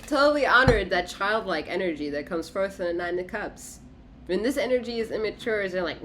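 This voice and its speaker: A woman's voice: medium pitch, expressive, measured pace, long pauses, fairly bright tone, a little hiss or hum. A woman giving a casual tarot reading in an emphatic, repetitive way, swearing and laughing often. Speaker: tarot reader.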